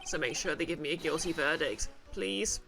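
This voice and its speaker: A man's voice: on the high side, moderate pace, vocal fry, pushed and bright, faint music behind. A man voicing a nervous young man in a game read-aloud, mumbling and hesitant. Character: meek, nervous young man eager to confess.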